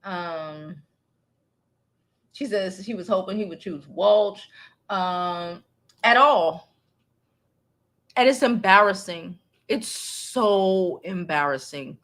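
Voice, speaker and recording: Middle-aged woman streamer, animated and loose with fillers, bright edgy voice. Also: fairly low pitch, slow pace, long pauses. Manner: animated, swearing, frequent fillers and restarts. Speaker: channel host. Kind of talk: casual live-stream commentary.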